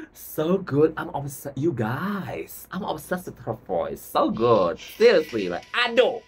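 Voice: mid-range voice, unhurried, few pauses, husky. Gushing YouTube reaction host. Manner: gushing, excitable, repeats "oh my God"; loose non-native English grammar with many "like" fillers. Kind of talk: music video reaction commentary.

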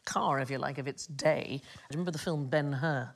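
A woman's voice: rumbling low, a little fast. A woman hosting a comedy panel quiz, explaining odd facts in a teasing storytelling way. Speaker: quiz show host. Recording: studio with audience noise.

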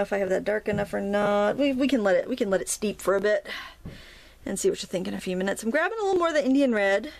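A woman's voice: mid-range voice, creaky, a little mellow. A middle-aged woman with a Maine accent teaching watercolor painting in a casual, chatty way, talking to herself as she works and making playful asides. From Maine, USA. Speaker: watercolor instructor.

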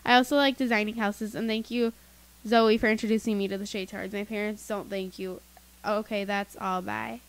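A woman's voice: medium pitch, flat delivery, moderate pace, poor audio. A teenage girl co-hosting a kids' tech podcast, chatty and giggly, reading listener emails aloud with her own asides. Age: teens. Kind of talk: casual podcast chat.

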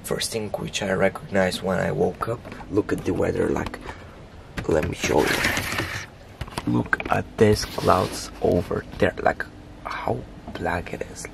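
A young man talking casually to his vlog camera outdoors at a campsite, in a groggy, gravelly morning voice, chatty and full of fillers. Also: deep voice, fairly even intonation, a little slow, background noise. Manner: chatty, loose phrasing with many fillers. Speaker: vlogger. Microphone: handheld vlog camera.

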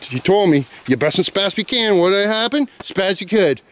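A man with a high-sitting voice, speaking at a moderate pace over a little hiss or hum, films his buddies outdoors on a handheld camera. A vlogger, he swears, laughs, and cheers them on in rowdy, excitable commentary, calling everyone "boys."

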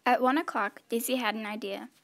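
Lady reading a kids' picture book, kinda high voice, steady and clear. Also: no room sound. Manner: clear, measured storytelling. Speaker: storybook reader. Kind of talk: children's story read aloud.

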